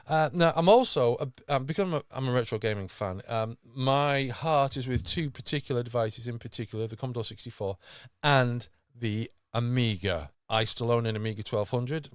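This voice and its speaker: A man's voice: medium pitch, smooth, no room sound, studio quality. A man hosting a podcast, talking with enthusiasm and rambling through fillers and restarts. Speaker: podcast host. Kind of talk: casual podcast chat.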